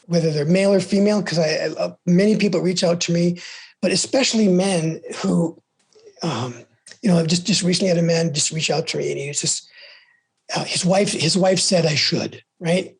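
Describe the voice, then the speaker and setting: This high-sitting male voice moves at a normal speed, with vocal fry and a slightly rough texture. He's a middle-aged guest on a podcast from the United States, offering sincere, supportive advice while repeating words, restarting phrases, and softly trailing off.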